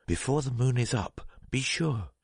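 Man putting on a cunning young fox-woman, cooing, sly, lilting up and down, gravelly edge, storybook reading. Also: mid-range voice, animated, measured pace, dry recording, studio quality, pitched above the performer's own voice, exaggerated voice. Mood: whispering. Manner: cooing, sly, sing-song.

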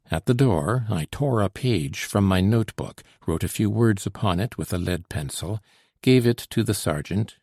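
A man reading a classic historical novel aloud as narrator, in a measured, old-fashioned storytelling manner. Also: low-pitched, vocal fry, darkish tone, breathy edge, no room sound, studio quality.

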